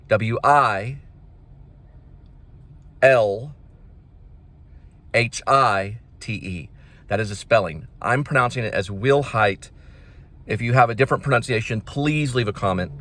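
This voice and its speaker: A man hosting his own channel, talking casually to the camera in a rambling, repetitive way, restarting sentences and slowly spelling out names. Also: medium pitch, a bit bright. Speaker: independent filmmaker and channel host.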